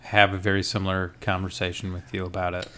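A man who streams games, chatting excitedly and in a friendly way on a podcast. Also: low voice, fast. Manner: excited, friendly, says dude a lot. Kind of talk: casual chat about video games.

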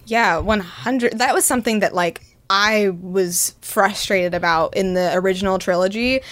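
A woman hosting a podcast in a casual book-club chat, talking fast and animated with lots of fillers. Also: medium pitch. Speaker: podcast host.

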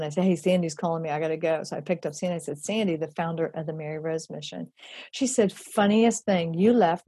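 A middle-aged woman telling a personal story in an animated way, acting out the voices she quotes and using many fillers. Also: lowish voice, no room sound. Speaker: charity founder telling her story.

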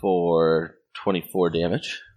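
A man playing a tabletop role-playing game, calmly explaining his rolls and character. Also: low voice, takes it slowly. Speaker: player. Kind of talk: casual tabletop game chat.

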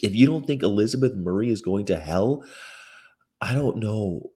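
A Northern English vegan activist vlogger reads the news aloud in a rented apartment room with a window view, reacting with profane exasperation. His voice is on the low side, animated, slightly rough and moderately paced, and he swings between loud outbursts and muttering.

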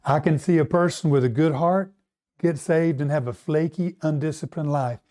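A male pastor preaches a sermon in a high voice. He drives his points home with emphasis and keeps turning to the congregation with questions. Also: moderate pace, dark tone.

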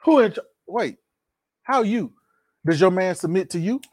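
Lively, teasing podcast co-host man. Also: high voice, normal speed, dry recording, studio quality. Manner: loud, teasing, repeats questions for effect. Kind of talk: casual podcast banter.

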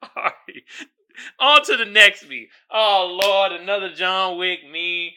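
A man with a high voice hosts his own podcast, riffing loosely and animatedly in slangy street talk. His tone is very bright and sharp, and laughter breaks into his rambling commentary again and again. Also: unhurried, a little hiss or hum. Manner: animated, joking, laughs often. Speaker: podcast host. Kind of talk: casual solo commentary.

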